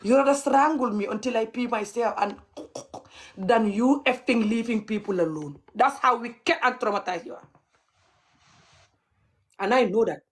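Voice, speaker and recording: A woman's voice: a little high, normal speed, long pauses. A young adult woman, ranting heatedly and mockingly on a livestream as a vlogger. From Gambia. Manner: heated, mocking, laughs bitterly. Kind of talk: livestream rant.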